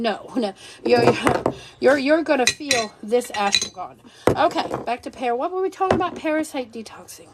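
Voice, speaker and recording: A high-voiced woman hosting a casual live stream. She talks in an animated, joking way, often losing her thread and interrupting herself. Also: moderate pace, noisy background.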